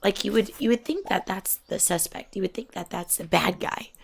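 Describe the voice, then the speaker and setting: A young adult woman chatting softly while she plays a game, often dropping to a near whisper. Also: mid-range voice, normal speed, vocal fry, a little hiss or hum. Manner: soft-spoken, often drops to a near whisper. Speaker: gaming channel host. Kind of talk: relaxed chat while playing a game.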